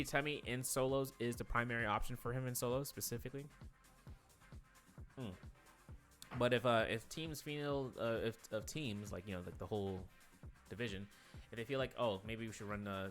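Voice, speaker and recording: A man commentating an esports match play by play, rattling off quick calls and drifting into rambling asides full of fillers. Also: fairly low pitch, a bit bright.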